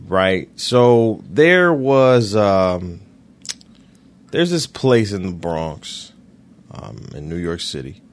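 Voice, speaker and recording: A man hosting his own podcast from home, talking in a casual, slangy, animated way as he tells stories to his listeners. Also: mid-range voice. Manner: animated, slangy, chatty storytelling. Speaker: podcast host. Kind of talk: casual solo podcast chat. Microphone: computer mic with echo cancellation.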